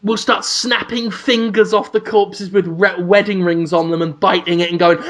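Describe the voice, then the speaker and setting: A man's voice: high voice, fairly even intonation, moderate pace, hardly any pauses, fairly bright tone. A man co-hosting a podcast, spinning absurd scenarios in playful, rambling, casual chat. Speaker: podcast co-host.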